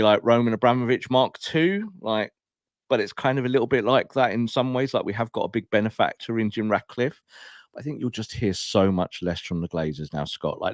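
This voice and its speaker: A man's voice: on the low side, no echo. Opinionated male football podcaster, dry sound. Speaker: podcast co-host. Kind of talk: casual football podcast chat.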